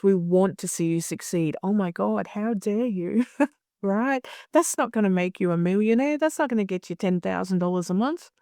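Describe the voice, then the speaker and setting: A woman's voice: on the low side, creaky, dark tone, no room sound, studio quality. A middle-aged woman in a candid interview, who talks bluntly, swears freely and acts out other people's lines. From Australia. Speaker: hypnosis conference director.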